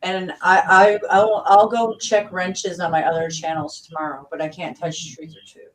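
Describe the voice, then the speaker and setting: A woman hosting a casual livestream chat, rambling with many halting restarts. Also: lowish voice, flat delivery. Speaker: livestream host. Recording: distant mic with faint noise.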